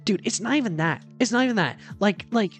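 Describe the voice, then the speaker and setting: A woman's voice: medium pitch, lively intonation, quick pace, faint music behind. A woman streamer telling a story in a casual chat stream from a hotel room, exasperated and dramatic, swearing freely.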